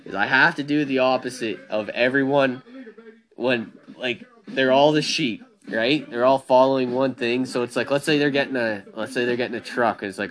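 A man giving a blunt, profane, animated rant about being yourself and not following the crowd, talking casually to listeners. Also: mid-range voice, moderate pace. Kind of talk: casual monologue.

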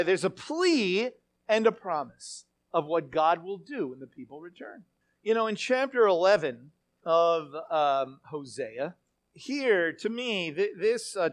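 A Bible teacher gives a sermon-style talk, animated and emphatic, full of fillers and restarts, and reads scripture aloud with dramatic feeling. The voice is medium in pitch, with no echo.

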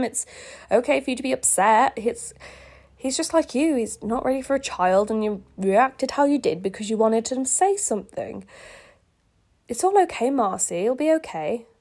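Prim, caring young princess, calm and reassuring; woman reads fan fiction aloud. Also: on the high side. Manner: soothing, reassuring. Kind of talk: reading her own fan fiction aloud.

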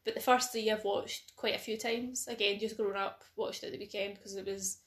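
A woman's voice: mid-range voice, steady tone, a little fast. A young Scottish woman co-hosting a podcast, chatting casually, often laughing and swearing. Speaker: podcast co-host. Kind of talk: casual chat.

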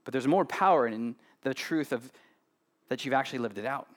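A man's voice: mid-range voice, a little fast. A man preaching a sermon as pastor, talking to the congregation in a loose, conversational way, often adding "right?" and joking with them.

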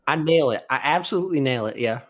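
A man's voice: mid-range voice, quick pace, highs cut off. Chatty rambling male podcast co-host. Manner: rambling, filler-heavy, animated bursts. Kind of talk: casual chat.

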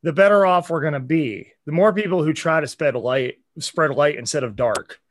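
A man co-hosting a podcast speaks in an earnest, impassioned, somewhat preachy way during casual chat. His voice is on the high side and moves at normal speed, recorded with studio quality and no room sound.

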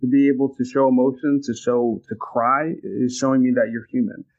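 A young man talks through a personal memory in an earnest, reflective way, often circling back and restarting his sentences. His voice sits at a medium pitch. The recording sounds a little muffled and dull. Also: flat delivery, fairly quick, a little mellow. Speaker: guest. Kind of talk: casual conversation, storytelling.

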